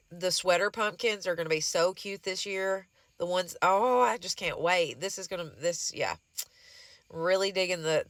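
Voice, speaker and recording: A woman's voice: fairly low pitch, a bit bright, no echo. A woman with a Southern US accent and a stuffy nose from hay fever, chatting casually as she walks through a craft project. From Southern United States. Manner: chatty, rambling, says y'all and honey. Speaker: DIY crafts vlogger. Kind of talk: casual how-to narration.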